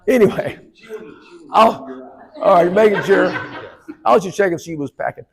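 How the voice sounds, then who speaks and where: A man's voice: high voice, lively intonation, a little slow, vocal fry, breathy edge. A man giving a humorous keynote speech at a conference, joking with and teasing the audience. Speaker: keynote speaker. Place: conference hall.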